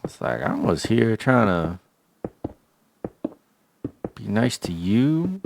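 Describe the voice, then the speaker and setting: Deep-voiced man ranting casually. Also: very animated, slow, gravelly, noisy background. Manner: slangy, joking rant. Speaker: gaming livestreamer. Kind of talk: casual chat while gaming.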